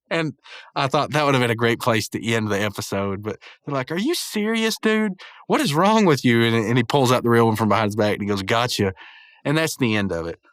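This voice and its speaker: Recapping a cartoon episode, a man reviews it casually, laughing a lot, rambling and correcting himself mid-thought. He speaks briskly in a fairly low, fairly bright voice, on a dry, clean studio recording.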